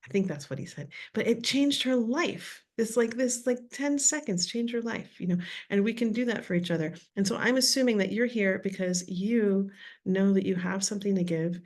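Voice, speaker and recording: A woman with a raspy voice leading a guided voice workshop on a live video call, speaking softly and often slipping into whispers. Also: medium pitch. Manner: soft, drifting into whispers while guiding. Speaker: workshop leader.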